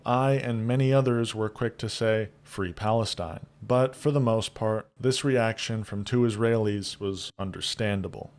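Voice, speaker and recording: Calm male narrator of a video essay. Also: mid-range voice. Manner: measured, explanatory delivery. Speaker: narrator of a fan commentary video. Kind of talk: scripted narration.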